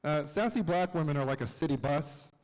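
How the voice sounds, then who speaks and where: Male stand-up comic, self-mocking and deadpan, voice a touch high, stage mic ringing through a long outdoor reverb. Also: a little fast. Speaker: stand-up comedian. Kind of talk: stand-up set. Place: outdoor city plaza stage.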